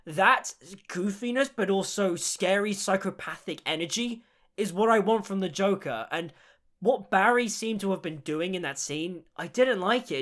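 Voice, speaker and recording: A young man giving a casual, animated film review, rambling with lots of "like". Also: sits high.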